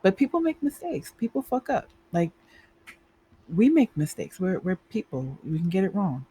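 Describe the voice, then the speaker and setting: A man's voice: high-pitched, big pitch swings, moderate pace, dark tone, breathy edge, poor audio. A man playing a judge in a roleplay, talking bluntly and firmly about how people should behave in court. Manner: blunt and firm, lays down rules. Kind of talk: in-character roleplay conversation.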